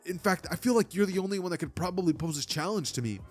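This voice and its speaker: Timid, humble teen boy who stutters and rushes, played by a man. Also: high voice, pitched above the performer's own voice. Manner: stammering, nervous, eager. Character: timid, humble, overpowered teenage boy hero.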